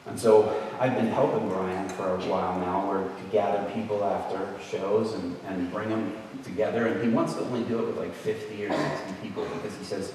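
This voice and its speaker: A man's voice: lowish voice, steady tone, fairly quick, hardly any pauses, darkish tone, recorded from a distance, a little hiss or hum. Man preaching in an echoey hall. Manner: conversational, acts out quoted voices. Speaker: guest preacher. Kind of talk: storytelling sermon. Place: large hall at a church camp event.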